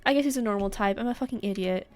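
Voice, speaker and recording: A woman hosting a gaming channel rambles through a casual let's-play, swearing in frustration as she plays. Her voice is medium-pitched and she talks at a racing pace.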